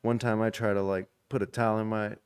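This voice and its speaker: A man's voice: fairly low pitch, little pitch movement, quick pace, clear, resonant tone. A man from Compton, California, a guest on a podcast, talking in a laid-back way with a lot of slang. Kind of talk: casual podcast chat.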